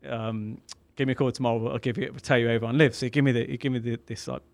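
A man's voice: mid-range voice, fairly even intonation, racing. A young man with a Birmingham accent, telling a long sweary story on a casual podcast and acting out both sides of it. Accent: Birmingham English. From England. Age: young adult. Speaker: podcast co-host.

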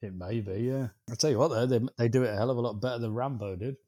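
A man's voice: medium pitch, quick pace, dark tone. A man co-hosting a film podcast, trading wry, laid-back banter with his co-host. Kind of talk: casual chat.

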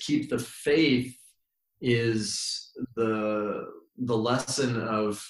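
A man guest on an interview, telling stories in a reflective, meandering way and slowing down for emphasis. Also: mid-range voice. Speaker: yoga teacher, podcast guest. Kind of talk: relaxed storytelling interview. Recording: roomy echo.

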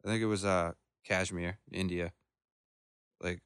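Laid-back young man, low voice, dry. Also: steady tone, measured pace, fairly bright tone, clean tone, no room sound. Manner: laid-back, rambling, swears often. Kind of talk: casual chat.

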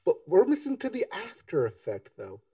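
A man co-hosting a TV review podcast, talking in a relaxed, offhand way. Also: high voice, moderate pace, husky, no echo, recorded from a distance. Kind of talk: casual chat.

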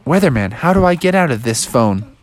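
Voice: mid-range voice, sing-song, brisk, natural voice. A storyteller voicing a cheeky, defiant frog stuck inside a phone. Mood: pleading.

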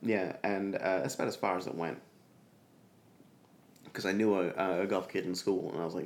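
Young male podcast co-host, low-pitched, rambling and crude in casual banter. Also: moderate pace, pauses often. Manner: rambling, swearing, animated storytelling.

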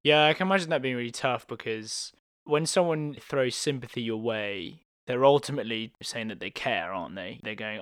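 A man from England hosting a podcast, thinking out loud and responding supportively. His voice is mid-pitched and sounds close and dry, with no room echo. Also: normal speed, creaky. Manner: reflective, supportive, thinks aloud. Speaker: podcast host. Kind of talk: casual interview.

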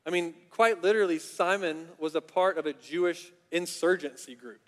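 A male pastor preaches in a lively conversational way, filled with casual fillers. His voice is high for a man, and a long reverb from the church auditorium trails each phrase. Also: normal speed. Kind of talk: sermon. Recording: long reverb of a large hall.

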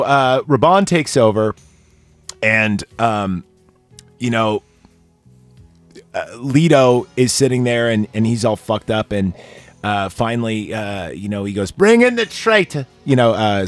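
A podcast host with a fairly low voice casually retells a movie scene at a measured pace, rambling with lots of fillers and acting out the characters' lines. The recording has no room sound, just soft background music.

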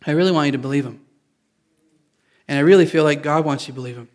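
A man's voice: on the high side, quick pace. Male pastor preaching in a conversational way. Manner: conversational, self-correcting, joking. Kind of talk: sermon.

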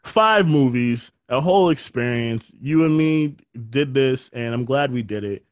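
A man's voice: mid-range voice, animated, measured pace, dry recording. A man co-hosting a podcast, casually and profanely recapping horror movies with jokey quoted voices. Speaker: podcast co-host.

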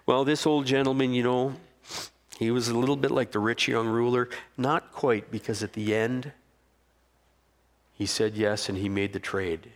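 A man's voice: medium pitch, steady tone, moderate pace. A man preaching a sermon from a stage, telling a story and building to fervent peaks. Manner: storytelling, rising to fervent near-shouting peaks. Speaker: pastor. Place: stage before a congregation.

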